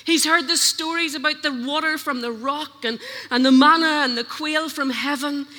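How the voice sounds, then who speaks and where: A woman's voice: high-pitched, normal speed, sharp tone. A woman preaching a sermon, earnestly questioning her listeners. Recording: long hall reverb.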